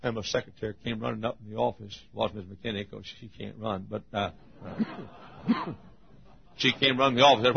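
A male pastor preaching a sermon with emotional storytelling, swinging from hushed tones to shouts. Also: lowish voice, steady tone, a little fast, gravelly, pauses often. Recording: dull lo-fi sermon recording.

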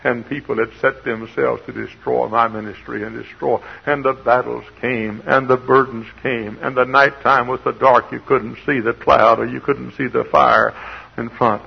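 An older man preaching a sermon, swinging from quiet asides to shouted exhortation, on an old recording. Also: mid-range voice, steady tone, moderate pace, gravelly, husky, dull audio. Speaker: pastor.

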